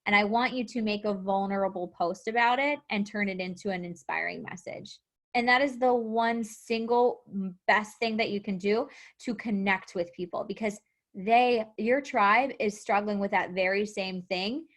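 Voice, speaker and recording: A young adult woman coaching her team in a motivational live talk, animated, acting out quotes and laughing often. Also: medium pitch, normal speed. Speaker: fitness coach.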